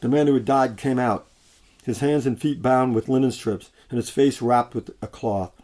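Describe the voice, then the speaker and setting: A man's voice: mid-range voice, moderate pace, dark tone. A man preaching a sermon in a conversational way, with frequent restarts and fillers.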